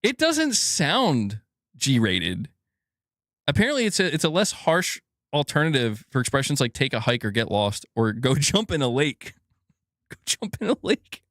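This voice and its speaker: A young man giving a profane, animated gaming news rant, laughing and talking back to his viewers. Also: medium pitch, normal speed, dry recording, clean studio sound. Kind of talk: casual ranting commentary.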